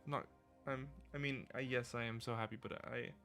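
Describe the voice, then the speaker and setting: A man livestreaming, reading a game blog aloud with excitable, rambling commentary while sleepy and yawning often. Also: mid-range voice, brisk, soft background music. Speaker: gaming streamer.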